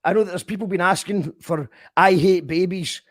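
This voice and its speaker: A man hosting a casual live stream, excitable and given to swearing and shouting when thrilled. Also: high-pitched, moderate pace, no room sound. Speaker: host of a live stream show.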